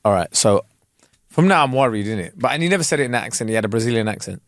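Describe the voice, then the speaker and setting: A man co-hosting a podcast, telling a story with lots of slang. His pitch swings widely as he talks. The sound is dry and close. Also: expressive, rapid-fire, no room sound. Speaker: podcast co-host. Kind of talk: casual chat.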